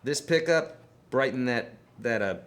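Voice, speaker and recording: A man hosting a live guitar Q&A, answering viewer questions in a casual, emphatic way. He swings his loudness and pitch a lot and talks to viewers as friends. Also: animated, unhurried, slight background noise.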